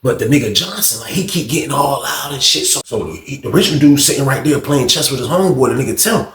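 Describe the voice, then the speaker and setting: A man telling a casual storytime tale, in an animated, slangy and profane way, acting out other people. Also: mid-range voice, fast talker, reverberant.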